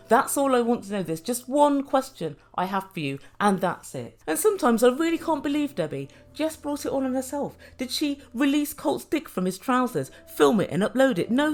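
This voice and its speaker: Woman with a slightly high voice, a chatty and sarcastic reality TV reviewer doing a casual recap. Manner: chatty and sarcastic, voicing quotes.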